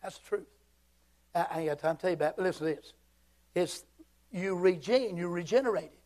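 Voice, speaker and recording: A Southern man in his fifties preaching a fiery, folksy church sermon, swinging between shouts and hushed asides. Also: high-pitched, a little fast. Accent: Southern American. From Southern United States. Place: church sanctuary.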